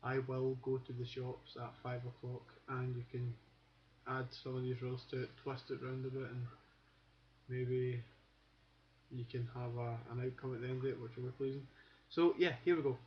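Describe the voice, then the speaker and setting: A man's voice: medium pitch, level tone, normal speed, slight background noise. A man from Scotland with a Glasgow accent, giving a casual webcam lesson in a rambling way, with many fillers and restarts. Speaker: accent teacher. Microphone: webcam mic. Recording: dull lo-fi webcam audio.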